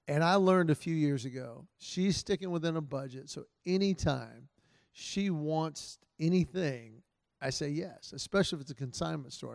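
Earnest man telling marriage stories to husbands, slightly higher voice, close dry sound with a long hall tail. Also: vocal fry. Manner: earnest, storytelling, quotes his wife in his own voice. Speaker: speaker giving marriage advice to husbands. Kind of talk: casual talk to an audience.

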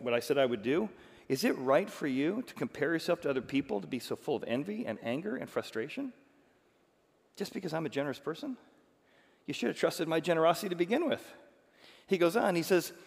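A man preaching a sermon as pastor, animated and punching words with loud emphasis. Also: on the high side, creaky, slightly rough. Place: church auditorium. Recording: long hall reverb.

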